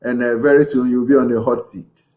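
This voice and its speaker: A man's voice: mid-range voice, flat delivery, a little fast, warm tone. A man hosting a live show, chatty and effusive, reading out viewer comments and thanking them. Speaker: host.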